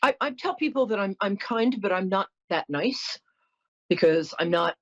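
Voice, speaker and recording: A woman's voice: medium pitch, lively intonation, normal speed, dull audio. A middle-aged woman hosting a psychic call-in show, chatting, apologizing and telling stories in a frank, blunt way. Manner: warm-hearted, apologetic, storytelling, blunt. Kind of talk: chatty call-in talk with anecdotes.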